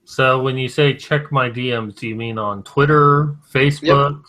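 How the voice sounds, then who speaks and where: A sarcastic guest jokes through a casual group chat. The voice is bright and forceful, with a middling pitch. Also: moderate pace. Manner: joking, sarcastic.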